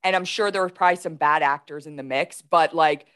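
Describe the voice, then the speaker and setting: Woman, forties, interview guest, casual storytelling, lively retelling, slightly low voice. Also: fairly quick, clean tone. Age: 40s. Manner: animated, retells events with quoted dialogue.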